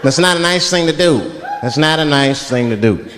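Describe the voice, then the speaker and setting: A man from Washington, D.C. working a stand-up crowd with an animated, storytelling delivery, his voice swinging widely in pitch. He is heard on a theater stage with a long hall reverb and a faint audience beneath. His voice sits a little above the usual male range. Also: normal speed. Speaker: stand-up comedian. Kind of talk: stand-up routine. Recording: large hall with live crowd.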